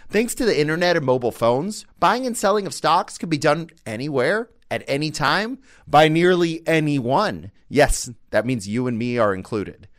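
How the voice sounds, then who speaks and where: A man's voice: on the high side, expressive, normal speed, hardly any pauses. A man hosting a podcast, reading a scripted opening in a conversational way with playful asides. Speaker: podcast host.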